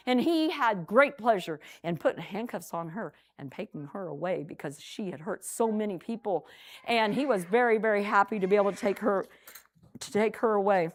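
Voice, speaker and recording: A woman telling a picture story to children at a church program, animated and repeating words as she goes. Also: mid-range voice, normal speed.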